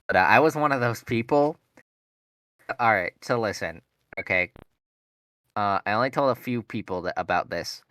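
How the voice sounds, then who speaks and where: A man's voice: on the low side, normal speed, pauses often, bright, forceful tone, dry recording. A young man, a podcast co-host, telling a rambling story in casual chat, full of fillers and swearing. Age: young adult.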